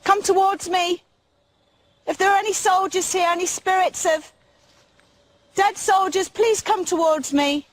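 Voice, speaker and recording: Her voice is very high yet steady, and she speaks at a measured pace with frequent pauses. Hosting a paranormal show by herself in the nighttime woods, she whispers nervous calls to the spirits, startles easily, and breaks the tension with jittery jokes.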